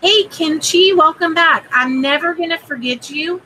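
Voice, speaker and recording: A woman's voice: very high voice, normal speed, pushed and bright, slight background noise, poor audio. A woman hosting a casual livestream and doing card readings, rambling with plenty of fillers and greeting viewers by name. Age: adult parent.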